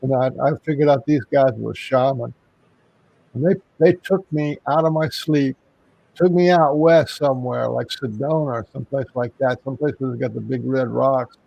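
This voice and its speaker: A man's voice: medium pitch, moderate pace, creaky, a little mellow, no echo, muffled recording. A man from Texas, a guest on an interview show, telling a long story in a casual, rambling way with many restarts. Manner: rambling, with frequent restarts and fillers.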